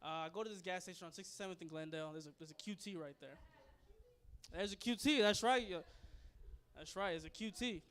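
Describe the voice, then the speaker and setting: A man's voice: high voice, brisk, fairly bright tone, clear, resonant tone. A young man doing a stand-up comedy set, loose and crude, rambling and laughing at his own jokes. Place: comedy club stage.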